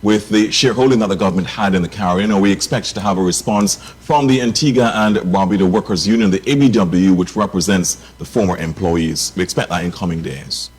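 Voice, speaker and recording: Husky-voiced male news anchor. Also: deep voice, fairly quick, few pauses. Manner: formal, steady delivery. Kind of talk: scripted news reading.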